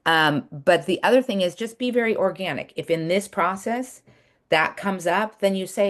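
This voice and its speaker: A woman's voice: mid-range voice, moderate pace. A chatty woman coach teaches a webinar over a video call, talking in a casual, earnest way. She often restarts her sentences and uses fillers as she explains.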